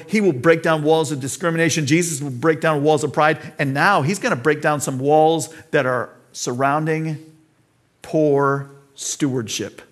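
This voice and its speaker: A pastor with an American accent preaching an earnest sermon to his church, now and then acting out voices in the story he tells. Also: fairly high pitch. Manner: earnest preaching, acts out quoted dialogue.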